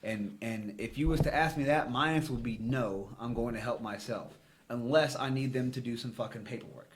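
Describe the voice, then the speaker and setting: A man's voice: medium pitch, fairly quick, noisy background. A man from the United States on a podcast, giving blunt, rambling opinions with a lot of swearing. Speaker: podcast co-host. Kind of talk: casual podcast discussion.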